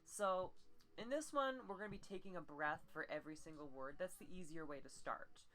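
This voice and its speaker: Bright-voiced woman coaching on stream. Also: low voice, lively intonation, a little fast. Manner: chatty, rambling asides. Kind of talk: casual live-stream lesson. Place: dim room at home, blinds closed. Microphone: streaming setup with camera.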